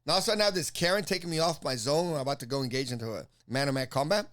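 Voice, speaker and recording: A man, telling a fight story in a casual, profane, animated way. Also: a little high, rapid-fire. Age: 50s. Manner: animated, profane, acts out both sides of an argument. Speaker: jiu-jitsu competitor telling a story.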